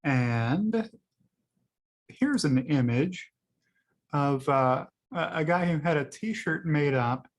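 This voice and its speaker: A man's voice: a little high, animated, takes it slowly, pauses often. A man hosting his own video, casually talking through tweets he liked, rambling with many fillers and laughing at his own jokes. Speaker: video host.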